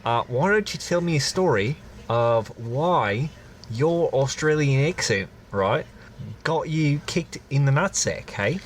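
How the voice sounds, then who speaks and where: A young man co-hosting a podcast, teasing his partner with drawn-out comic interjections. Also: medium pitch, lively intonation, slight background noise. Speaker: podcast co-host. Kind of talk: casual comedic banter.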